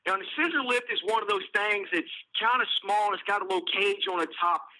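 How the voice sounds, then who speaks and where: A man's voice: high voice, brisk, pushed and bright, low-quality recording. A man, casually telling a prison story, rambling, swearing and laughing at it. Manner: rambling, profane, laughing at his own story. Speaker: podcast host, prisoner telling stories.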